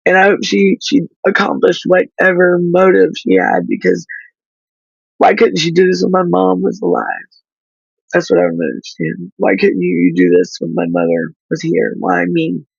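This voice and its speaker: A woman whose child is in foster care, speaking through tears in halting, pleading talk that stops and restarts. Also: fairly low pitch, gravelly, slightly rough, no room sound, muffled recording. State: crying, tearful. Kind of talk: emotional livestream talk.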